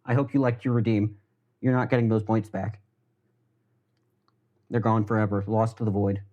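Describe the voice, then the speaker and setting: A fairly low, flat voice at normal speed belongs to a young American man streaming live while he cooks in his kitchen. He rambles, jokes at his own expense and curses casually, and his headset mic cuts off the high frequencies.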